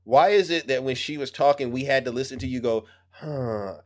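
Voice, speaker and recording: A man's voice: medium pitch, fast talker. Pushy male debate host. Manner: pushy, challenging moderator. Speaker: host of a live audio debate. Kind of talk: moderating a heated political argument.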